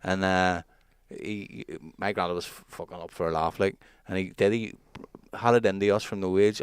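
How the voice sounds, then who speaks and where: A man's voice: deep voice, fairly even intonation, normal speed, clean tone, dry recording. A man, co-hosting a casual podcast and telling stories through quoted voices. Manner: swearing, storytelling with quoted voices and laughs. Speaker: podcast co-host. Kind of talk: casual banter.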